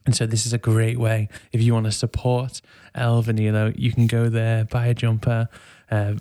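A man's voice: medium pitch, monotone, normal speed, dark tone, no echo, studio quality. Chatty, jokey male podcast host. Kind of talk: casual chat.

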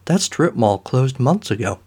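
A man's voice: mid-range voice, sing-song, darkish tone, breathy edge. A man voicing a smug, haughty female fashion villain in a comedic audio story. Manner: smug, arch and drawn-out.

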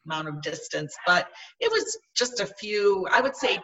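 A middle-aged woman recounts a personal experience in an earnest, halting way, circling back and restarting her phrases. Her tone is bright and sharp. She sits a little away from the microphone. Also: mid-range voice, sing-song, recorded from a distance, muffled recording. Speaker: guest. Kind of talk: personal storytelling in conversation.

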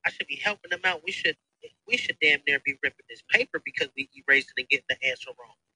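Animated, lively-voiced man podcasting. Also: a little high, fast, breathy edge, no echo, rough recording. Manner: animated storytelling, profane. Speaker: podcast host. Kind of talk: casual podcast chat. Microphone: phone.

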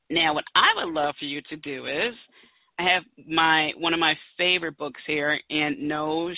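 A woman's voice: low-pitched, dry recording. A woman in her thirties hosts her own podcast. She talks in a chatty, emphatic way and leans hard on her key points. The sound is tinny and narrow like a phone line, and very dry. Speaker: podcast host. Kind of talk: solo podcast talk.

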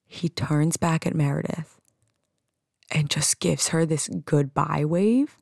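A woman's voice: low voice, slow, vocal fry, a little mellow, dry recording, clean studio sound. A young woman hosting a casual solo podcast, telling stories in a chatty way with frequent restarts and some swearing. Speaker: podcast host.

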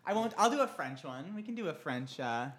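Excitable podcast co-host. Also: medium pitch, brisk, slightly rough. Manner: excitable, animated, laughing often. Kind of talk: casual chat.

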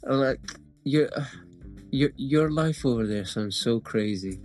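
A man hosting a casual chat, relaxed and hesitant, often repeating words. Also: mid-range voice, slow pace, soft background music. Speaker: host.

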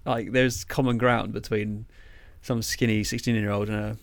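A man's voice: fairly low pitch, little pitch movement, normal speed, no echo. A young man chatting casually as a podcast co-host, telling a rambling story full of fillers and swearing.

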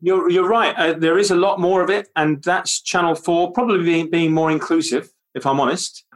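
A man with a London accent, chatting casually as a guest, animated and rambling. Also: a little high, moderate pace. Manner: animated, rambling, does impressions. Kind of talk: casual interview chat.

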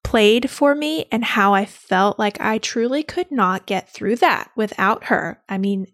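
A young adult woman, a labor and delivery nurse, tells her own birth story in a heartfelt, excitable way. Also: medium pitch, a little slow, no echo, clean studio sound. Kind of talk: personal birth story told to an audience.

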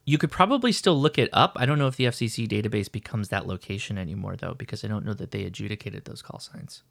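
A man co-hosting a podcast in casual chat, making dry deadpan jokes with halting restarts. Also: lowish voice, vocal fry, dry recording. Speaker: podcast co-host.

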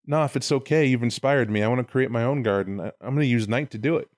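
A self-assured young woman, as a man puts her on in a comedy retelling. She talks loosely and coyly in a lowered, everyday voice. The recording is dry and close. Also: fast, a little mellow, no echo, close to an everyday voice. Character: confident young woman, first wife of Adam.

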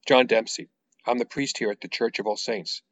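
A man's voice: mid-range voice, fairly even intonation, normal speed, fairly bright tone, natural voice. A man voicing a weary, bitter middle-aged priest in a reading of his own novel, in a sad, world-weary manner. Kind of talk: author reading aloud.

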